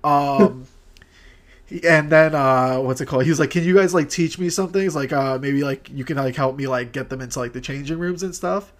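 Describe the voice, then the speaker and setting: A man's voice: medium pitch, normal speed. A young man telling a story in casual chat, full of fillers and frequent laughter. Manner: animated storyteller, laughs often, filler-heavy.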